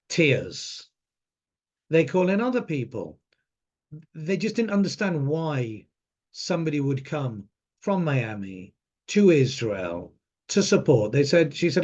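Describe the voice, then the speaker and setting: A man's voice: a little high, sing-song, moderate pace, darkish tone, highs cut off. A man in his fifties, an officer of a lawyers' association, recounting a trip in a rambling, conversational way with many fillers. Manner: rambling, frequent fillers and restarts. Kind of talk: casual spoken trip account.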